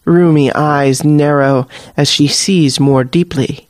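A man narrating a fantasy story podcast in a measured, deliberate storytelling manner. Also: mid-range voice, steady tone, no echo, studio quality. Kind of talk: scripted narration.

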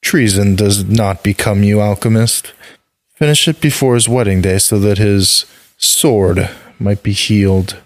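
A man's voice: lowish voice, unhurried, no echo. A man reading a story aloud, voicing an arrogant royal emissary in a haughty, contemptuous manner. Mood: sneering. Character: arrogant male royal emissary, sneering and threatening. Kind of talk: audiobook reading.

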